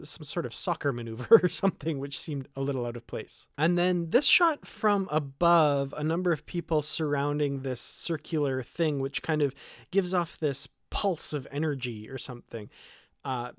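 Chatty man, fairly high voice. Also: dry recording, clean studio sound. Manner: conversational, thinking aloud with frequent fillers and restarts. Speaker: fan channel host. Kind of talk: casual shot-by-shot trailer commentary.

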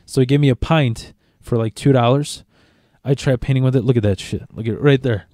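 Brief: young male podcast co-host, rambling and profane, warm mellow tone, dry close sound. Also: mid-range voice, no echo. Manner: rambling, profane, halting restarts. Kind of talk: casual chat.

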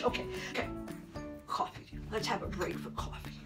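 This is a woman's voice, pitched a little high, delivering a casual vlog commentary. Her tone is sarcastic and mocking, and she often repeats phrases as she moves from point to point. Faint music plays in the background. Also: expressive, low-quality recording. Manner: sarcastic, mocking, addressing the subject directly; repetitive, keeps saying "fast forward" and "move on". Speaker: vlogger.

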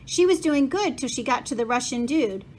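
A woman's voice: high voice, animated, normal speed, a little mellow, a little hiss or hum. A woman reading the lines of a casual, matter-of-fact schoolboy in a storybook read-aloud.

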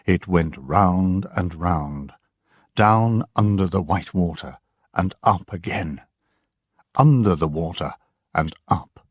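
A man narrating an audiobook for English learners, slow and clearly enunciated. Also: deep voice, dry recording, clean studio sound.

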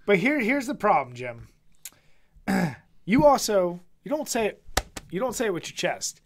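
Philly-accented young guy, podcast co-host, ribbing his buddy, cursing and laughing, slightly high voice. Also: big pitch swings, measured pace, long pauses. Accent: Philadelphia. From Philadelphia, USA. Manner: teasing, profane, laughing often. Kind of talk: casual chat.

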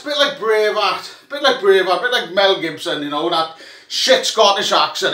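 A man with a high, bright voice in a loud, sweary, joking rant, puffing and out of breath. He sounds a little way off the mic, and the room throws back an echo. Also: normal speed. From Wales. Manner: boisterous, sweary, jokey banter. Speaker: rugby fan vlogger. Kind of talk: rowdy comic monologue to camera. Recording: echoey room, mic at a distance.

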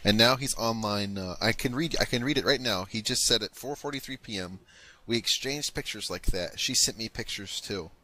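Polite low-voiced man on a phone call. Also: moderate pace, slight background noise. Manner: polite and calm, repeating "yes, ma'am". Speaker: prank caller.

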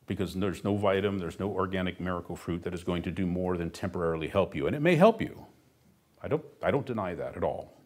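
A man's voice: low-pitched, lively intonation, fast, a little mellow. A middle-aged man preaching a sermon as pastor, emphatic and earnest, with dry humorous asides.

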